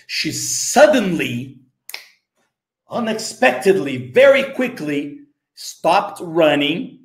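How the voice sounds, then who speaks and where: A Brazilian man with a Brazilian Portuguese accent teaching English. He explains phrases slowly and keeps checking in with "okay?" and "right?". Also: a little high, reverberant. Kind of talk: explaining a story lesson.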